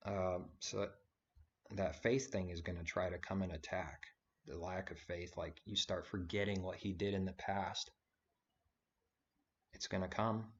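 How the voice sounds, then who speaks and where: Low flat-voiced man preaching casually. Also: a little slow, pauses often. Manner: rambling and conversational, with many fillers and restarts. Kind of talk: informal spoken sermon. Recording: dull lo-fi recording.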